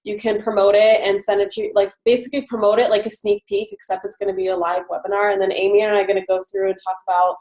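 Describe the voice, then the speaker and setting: A woman's voice: medium pitch, level tone, fast talker, few pauses, a little mellow. Woman host, casual team call over video, filler-heavy, echoey room. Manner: chatty, filler-heavy, friendly announcements.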